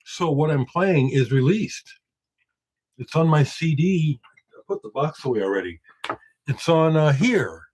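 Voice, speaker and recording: A man's voice: fairly high pitch, animated, a little slow, long pauses, darkish tone, faint music behind. A man who is a musician, hosting a casual live stream, replying to viewers' comments and emphatically talking up his own records. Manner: emphatic, boastful, replies to chat comments.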